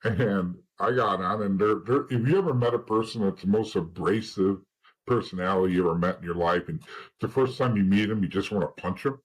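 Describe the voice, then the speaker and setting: A man's voice: fairly low pitch, a little fast, husky, poor audio. A man guest in an interview, telling stories in blunt casual talk with swearing and acting out the dialogue of the people in them.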